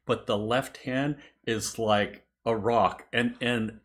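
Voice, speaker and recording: A man's voice: mid-range voice, steady tone, slow pace. A man hosting a casual music reaction chat, thoughtful, counting beats aloud and laughing often. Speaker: host.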